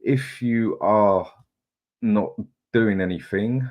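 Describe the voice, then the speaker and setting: A man's voice: fairly low pitch, slow pace, a little mellow. A middle-aged man, hosting a casual live chat, greeting viewers in a chatty, laid-back way. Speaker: livestream host.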